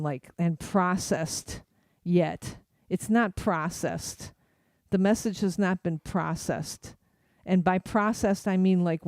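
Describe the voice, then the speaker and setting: A radio host chats casually in a dry, close studio sound, rambling through fillers and restarts. The voice sits at a middling pitch, and the host drops into quick put-on voices to act out what people say. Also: darkish tone, clear, resonant tone, no room sound. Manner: acts out quoted voices. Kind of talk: casual chat.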